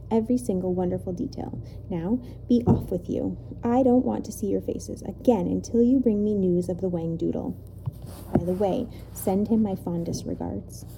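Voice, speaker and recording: A woman's voice: medium pitch, a little hiss or hum, close to an everyday voice. A woman doing a kindly old professor. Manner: warm, measured and formal. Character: kindly old male professor, brave and gentle.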